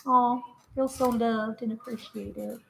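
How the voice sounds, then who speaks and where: A woman co-hosting a casual live stream from home on a webcam, excitedly reading out viewer messages. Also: a little high, slow, creaky. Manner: gushing, excitable. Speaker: vlog co-host reading live chat. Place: home room. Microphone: webcam on tripod. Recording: echoey room, faint noise.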